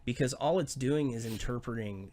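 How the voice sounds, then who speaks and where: Guy hosting a chatty podcast, mid pitch, dark jokes said totally deadpan. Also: moderate pace. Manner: joking, dark deadpan humor. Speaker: podcast host. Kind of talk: casual podcast chat.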